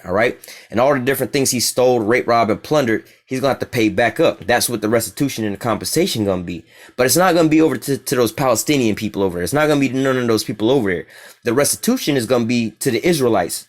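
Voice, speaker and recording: A man teaching from the Bible in a loose, slangy way. He reads the verses slowly and deliberately, then explains them in blunt everyday talk. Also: fairly low pitch. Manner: slangy, street-talk asides between slow verse readings. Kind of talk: informal scripture teaching.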